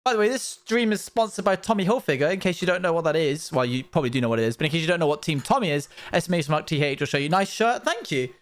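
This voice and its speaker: A man's voice: fairly high pitch, animated, fast, few pauses. A young man hosting a casual livestream from his desk, rambling and laughing at himself as he chats. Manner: rambling, giggly, self-mocking. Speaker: livestream host.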